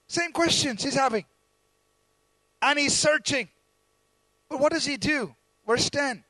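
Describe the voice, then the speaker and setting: A man's voice: very high voice, a little slow, long pauses, sharp tone, no echo. A man preaching a sermon, speaking emphatically and calling on the congregation to respond.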